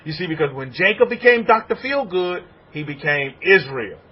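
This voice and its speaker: A fairly high, husky male voice preaches with animated swings in pitch and loudness. The recording is dull and lo-fi. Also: normal speed. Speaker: rabbi. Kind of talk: sermon.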